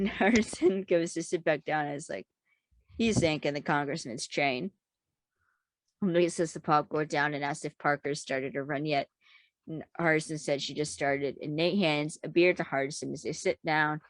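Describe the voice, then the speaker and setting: A young woman co-hosts a casual TV podcast, retelling scenes with quick laughing asides. Her voice sits on the lower side. The sound is dry and close. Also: no room sound. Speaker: podcast co-host. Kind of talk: casual recap chat.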